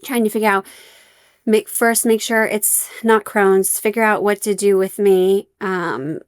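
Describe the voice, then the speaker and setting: Smooth-voiced woman telling her story. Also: medium pitch, fairly even intonation, unhurried, dry recording, clean studio sound. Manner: wry, emotional, many fillers. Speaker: podcast guest. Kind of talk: candid storytelling interview.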